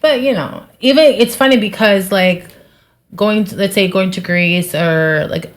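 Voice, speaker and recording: A woman's voice: medium pitch, measured pace. A young woman from New Jersey, a podcast guest, chatting casually and saying "like" a lot. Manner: chatty, says "like" often. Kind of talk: casual chat.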